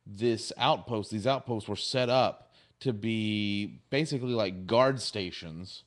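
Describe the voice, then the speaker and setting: A man co-hosting a relaxed podcast chat, telling the story of an episode with real gusto. He slips into quick impressions of the characters, and his pitch leaps up high when something amuses him. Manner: animated retelling, acting out quotes with lively pitch jumps. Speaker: podcast co-host. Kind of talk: casual chat recapping episodes.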